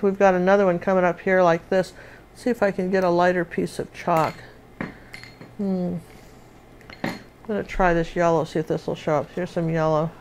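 A woman teaching a live painting lesson, chatting and thinking aloud as she works. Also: lowish voice.

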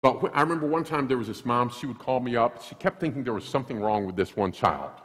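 A male pastor preaching a sermon in a church, emphatic and animated, acting out little scenes. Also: mid-range voice, quick pace, hardly any pauses, long reverb tail. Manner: animated, acts out quotes, emphatic repetition. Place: church sanctuary.

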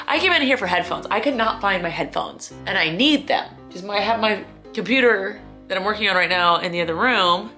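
A woman's voice: medium pitch, lively intonation, fairly quick, hardly any pauses, pushed and bright, faint music behind. A young woman vlogging in a chatty, rambling way with dry sarcastic asides. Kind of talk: casual vlog chat.

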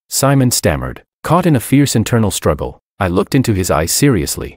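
A man with a low voice narrates a first-person drama story, his pitch rising and falling expressively. The sound is dry and close, with no room echo. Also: sing-song, brisk, few pauses, darkish tone.

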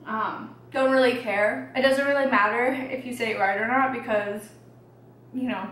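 A woman's voice: on the high side, steady tone, normal speed, a bit bright. A woman vlogger chatting casually about a true-crime case while eating, with plenty of "um"s and "like"s. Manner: chatty, many fillers and hedges. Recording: roomy echo, faint background noise.

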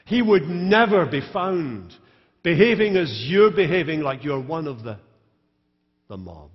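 A man preacher voicing a scornful queen who mocks her husband with biting sarcasm, drawn out and raised in pitch. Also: very animated, a little slow. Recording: reverberant church hall, dull live stream.

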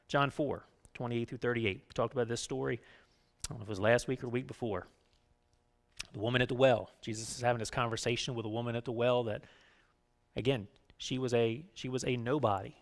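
A man pastor giving a conversational sermon, often checking in with his listeners and swinging between emphatic raised lines and quiet low ones. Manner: conversational preaching, frequent "right?" asides.

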